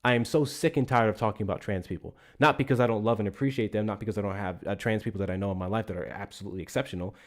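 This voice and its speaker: A man hosting a live political call-in stream with a low, grounded voice. He argues bluntly and swears often. When he pushes a point, his words trip and repeat. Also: racing, few pauses. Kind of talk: heated live-stream debate with callers.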